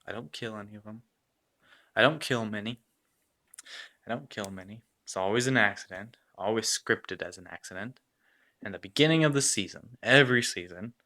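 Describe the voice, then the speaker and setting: A man's voice: lowish voice, pushed and bright. A man voicing a huge, buff, graying male action-hero star who delivers a self-important monologue.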